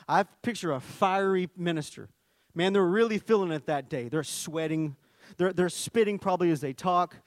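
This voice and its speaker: A man delivers a sermon in a relaxed, explanatory way, breaking down the meaning of words with everyday examples. His voice sits high for a man. The recording is dry and close, with no room sound. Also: no echo. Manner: conversational teaching, frequent "see," and restarts. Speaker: preacher.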